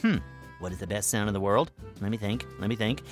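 A man voicing a boastful, excitable furry animal sidekick who hosts a kids' comedy radio show. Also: on the low side, fairly quick, soft background music, lightly acted.

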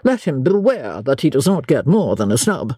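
A woman's voice: extremely low pitch, very animated, normal speed, dark tone, slightly rough, no echo, clean studio sound, heavily acted. A woman voicing a pompous, indignant middle-aged English chaplain in a dramatic reading of a classic novel, with a stern, sanctimonious manner.

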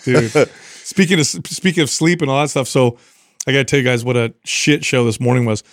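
A man telling a long, rambling story on a podcast, animated and loose with his swearing. His voice sits in the middle of the male range. The sound is dry and close, with no room around it. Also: medium pitch, fairly quick, no echo. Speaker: podcast co-host. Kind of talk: casual storytelling chat.

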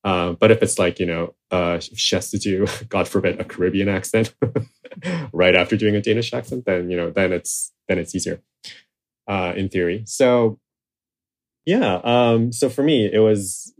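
A man's voice: deep voice, moderate pace. A man talking casually as a translator in an interview, rambling, with many fillers and restarts. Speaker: literary translator.

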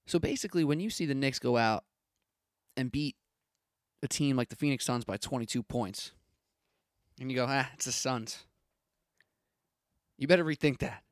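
A man's voice: mid-range voice, fairly quick, long pauses, no room sound, studio quality. Opinionated man hosting a sports podcast. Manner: opinionated, punchy, rhetorical ranting. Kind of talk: solo sports podcast monologue.

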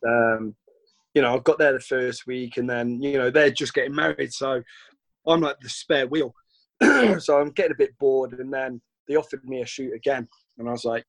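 Recorded dry, a British guest speaks at normal speed in a medium pitch with fairly even intonation. His casual chat is full of long, meandering anecdotes, and he frequently voices what others told him.

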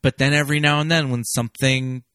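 A man co-hosting a casual film podcast who talks in an animated way, laughs often and says "like" a lot. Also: medium pitch, quick pace, clear, resonant tone, dry recording, clean studio sound. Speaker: podcast co-host.

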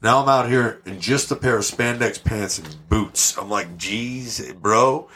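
A brash, animated man with a somewhat low voice tells stories on a podcast. He talks in a casual, profane way. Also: moderate pace, slight background noise. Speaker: podcast guest. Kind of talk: casual storytelling.

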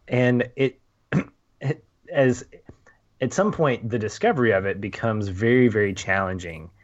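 A man's voice: medium pitch, a little slow, lo-fi sound. A man chatting casually about a film, thinking aloud and acting out little quoted asides.

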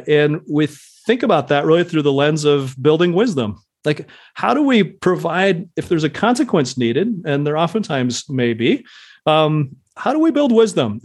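A man speaking as a podcast guest on parenting, talking thoughtfully with frequent fillers and quoting scripture. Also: on the high side. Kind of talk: casual podcast conversation.

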